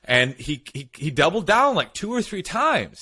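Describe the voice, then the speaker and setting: A man's voice: fairly high pitch, normal speed, husky. A man co-hosting a podcast, telling personal stories in casual chat and acting out what he and others said. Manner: animated storytelling, quotes himself and others. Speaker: podcast co-host.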